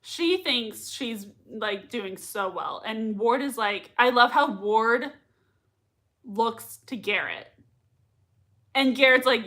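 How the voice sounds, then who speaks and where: Young woman streamer freaking out over a show, high bright voice, keeps repeating herself. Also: slow. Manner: excitable, gushing, repeats herself. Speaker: livestream reaction host. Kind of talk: live reaction stream, reading chat.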